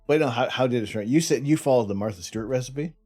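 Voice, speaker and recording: A man's voice: mid-range voice, quick pace, darkish tone, soft background music. A man from Canada hosting a casual charity livestream, chatty and teasing, laughing often. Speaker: stream host.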